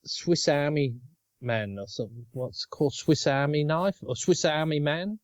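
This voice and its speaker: A man's voice: fairly high pitch, moderate pace, no room sound. Australian male co-host, fifties, easygoing and chatty, dry close recording. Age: 50s. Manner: chatty, laughs often. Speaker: podcast co-host. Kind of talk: casual chat.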